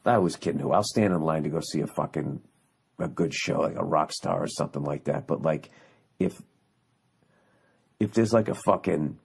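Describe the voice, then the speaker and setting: A man's voice: very deep voice, moderate pace, gravelly, long pauses, a little mellow, husky. A man hosting a podcast alone, ranting sarcastically and profanely, with occasional mocking impressions. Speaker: podcast host. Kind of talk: solo ranting monologue. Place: on vacation away from home.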